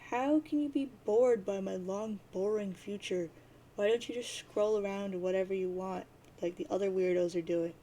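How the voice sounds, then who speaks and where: A woman's voice: mid-range voice, normal speed, dark tone, a little hiss or hum, natural voice. A woman reading a webcomic aloud, voicing a nice-guy teenage boy who is a pushover and sounds baffled and grumbling.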